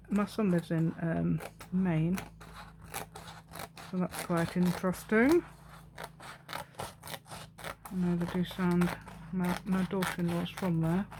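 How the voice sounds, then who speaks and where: A woman's voice: on the low side, noisy background. A woman in her fifties chatting and rambling as she makes a craft piece at home, talking to herself and laughing often. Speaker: craft vlogger.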